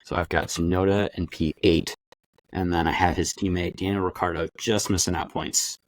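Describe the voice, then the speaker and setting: A man co-hosting a podcast in casual chat, talking in a measured, hesitant way with frequent uhs. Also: deep voice, steady tone, no echo. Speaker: podcast co-host.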